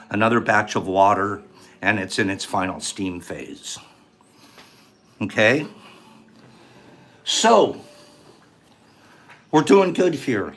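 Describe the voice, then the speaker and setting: A man's voice: fairly low pitch, a bit bright. A man hosting a casual livestream, explaining each step as he goes and reading viewers' answers aloud in a chatty way. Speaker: livestream host. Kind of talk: casual livestream chat and how-to.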